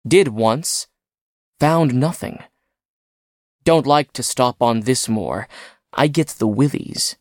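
A man's voice: medium pitch, takes it slowly, long pauses, dry recording, clean studio sound, natural voice. A man voicing a weary male steam-train engineer who talks in clipped, colloquial phrases and drops his words. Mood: uneasy.

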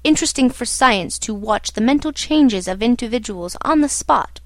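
A woman reading the lines of a calm, imperturbable little old doctor in a storybook, matter-of-fact in tone. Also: a little high, normal speed, dry recording, natural voice. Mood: calm, clinical.

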